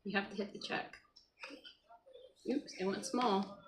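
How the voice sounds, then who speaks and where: A woman's voice: mid-range voice, fairly even intonation, a little slow, background noise. A woman hosting a casual morning livestream at home, chatting to viewers, reading the chat aloud and talking to her child beside her. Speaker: livestream host. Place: at home by a computer.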